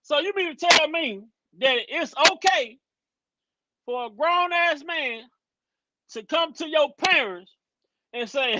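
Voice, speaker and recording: A man hosting a casual opinion livestream, animated and profane, mocking people as he talks. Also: very high voice, slow pace, long pauses, dull audio. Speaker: livestream host. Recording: loud background noise.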